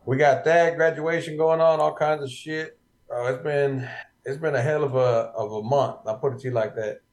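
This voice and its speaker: A man telling a story in a casual podcast chat, profane and animated. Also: fairly high pitch, normal speed.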